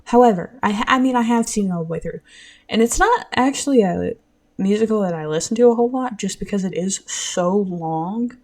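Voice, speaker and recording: A woman's voice: mid-range voice, brisk, a little mellow. A nineteen-year-old woman hosting her own podcast, chatting casually, rambling with frequent giggles and casual swearing. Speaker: podcast host. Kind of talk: casual solo podcast chat.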